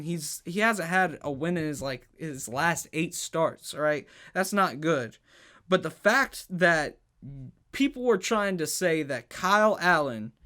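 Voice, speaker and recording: Guy with a high voice on a sports podcast, all worked up, stumbling over his words. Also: fairly bright tone. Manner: stammers and restarts, emphatic rhetorical questions. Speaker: podcast host. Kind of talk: heated sports talk.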